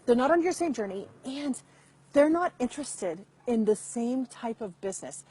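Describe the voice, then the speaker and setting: A woman's voice: on the high side, expressive, normal speed, dark tone, slightly rough. A middle-aged woman hosting a chatty live stream, talking straight to her viewers over a computer mic. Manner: chatty, repeats and restarts, addresses viewers directly. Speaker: host. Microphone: computer mic over weak internet.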